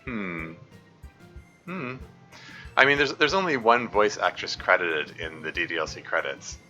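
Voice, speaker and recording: Deep-voiced man rambling on a stream. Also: animated, bright, forceful tone, faint music behind. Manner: rambling, halting, full of restarts. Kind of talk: live game stream with chat.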